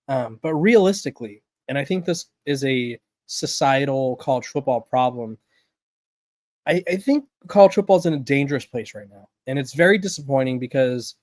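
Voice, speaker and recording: Casual sports podcast host, dry mic. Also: male voice, medium pitch, darkish tone, no echo. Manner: conversational, rambling with fillers and restarts.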